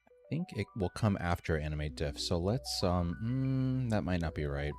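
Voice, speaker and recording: A man teaching a live screen-share tutorial, thinking aloud in a relaxed way with ums and restarts. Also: low-pitched, moderate pace. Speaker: streamer teaching AI animation. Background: faint music.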